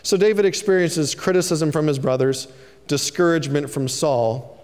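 Man, pastor, sermon, animated storytelling, high voice, long hall echo. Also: normal speed. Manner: animated storytelling, acting out quoted lines.

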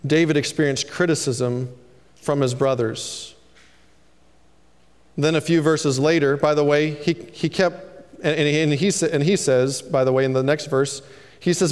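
Man, pastor, sermon, animated storytelling, high voice, long hall echo. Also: normal speed. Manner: animated storytelling, acting out quoted lines.

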